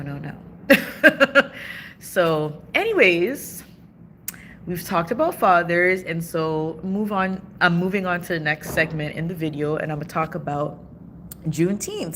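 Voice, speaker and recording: Thirties toronto woman with caribbean roots, lower voice, chatty expressive vlog talk, laughs a lot. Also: a little hiss or hum. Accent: Toronto Canadian with a Caribbean background. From Toronto, Canada. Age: 30s. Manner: candid, expressive, often laughing, slangy asides. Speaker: vlogger. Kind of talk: casual talking-to-camera vlog.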